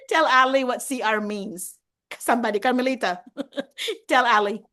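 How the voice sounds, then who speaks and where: A woman in her fifties with a Filipino accent, hosting a casual video call with animated, chatty talk and frequent laughter. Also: fairly high pitch, unhurried. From Philippines. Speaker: host and teacher mentor.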